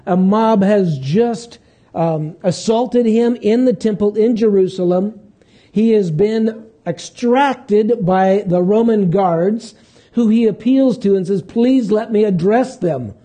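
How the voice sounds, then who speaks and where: A man preaching a sermon in a conversational way, pausing and restarting as he walks through scripture. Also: sits high, dark tone. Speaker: pastor.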